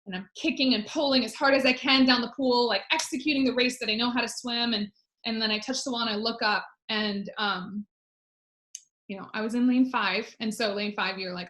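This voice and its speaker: A woman's voice: fairly high pitch, fairly even intonation, brisk, a bit bright, echoey room. A woman in her thirties, a former Olympic swimmer, telling a personal story on a webinar in a chatty way with many fillers. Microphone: video call.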